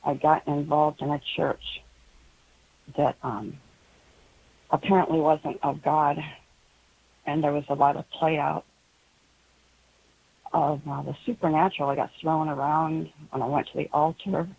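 Woman, radio caller, halting, emotionally strained, monotone, faint hiss. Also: low voice, gravelly, phone-quality sound. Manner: hesitant, halting, with many pauses and ums. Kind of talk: call-in radio conversation.

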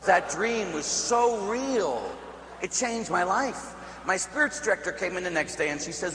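Middle-aged priest, storytelling sermon, bright and a bit high, faint hum behind. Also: male voice, normal speed. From Pittsburgh area. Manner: animated, humorous, acts out voices. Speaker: Catholic priest. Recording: echoey hall with faint hum.

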